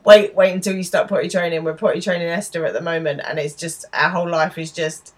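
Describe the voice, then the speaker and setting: A woman's voice: on the low side, fast, hardly any pauses, low-quality recording. A woman in her thirties, casually narrating show scenes as a podcast co-host and quoting the characters' lines. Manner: narrates scenes, quotes lines in lively put-on voices. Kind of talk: casual recap chat.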